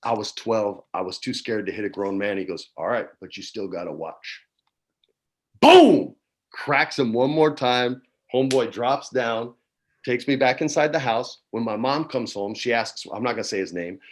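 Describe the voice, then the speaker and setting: A man's voice: mid-range voice, moderate pace. Laid-back man in his forties. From New Mexico, USA. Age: 40s. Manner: laid-back, peppers talk with "man" and "dude". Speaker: guest. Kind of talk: casual storytelling chat. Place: his home.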